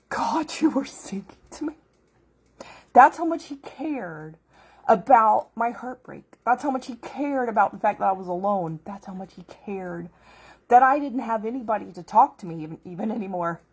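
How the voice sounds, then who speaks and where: Husky-voiced woman sharing a faith story. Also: medium pitch, a little mellow. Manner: earnest, heartfelt storytelling with restarts. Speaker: vlogger. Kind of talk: personal faith testimony.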